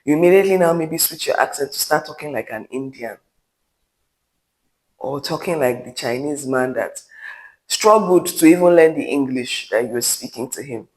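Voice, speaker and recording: A man's voice: fairly high pitch, normal speed, darkish tone, rough recording. A man from Nigeria with a Nigerian accent, giving his opinions in a vlog in a candid, emphatic way with rambling asides. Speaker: vlogger.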